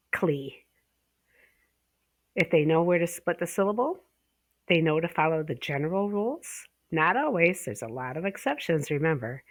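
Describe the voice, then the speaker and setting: Low-pitched woman, ESL pronunciation instructor, casual teaching talk, dry close sound. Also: a bit bright, no echo. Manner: casual, fillers, drawn-out example words.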